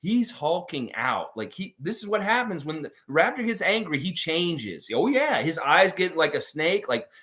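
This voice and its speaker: A man's voice: fairly high pitch, normal speed, few pauses. A man hosting a fan show, telling stories and chatting with viewers in a casual, profane way. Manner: animated, profane storytelling. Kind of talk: casual livestream chat with viewers.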